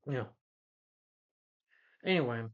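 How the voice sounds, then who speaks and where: A man's voice: mid-range voice, lively intonation, slow pace, phone-quality sound. A man giving a casual, opinionated movie review, rambling with many restarts and fillers.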